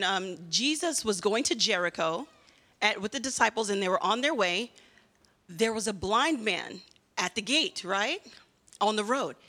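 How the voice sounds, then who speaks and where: A woman giving a children's sermon in a lively way, often asking the kids questions. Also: a little high, big-room sound. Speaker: children's church teacher.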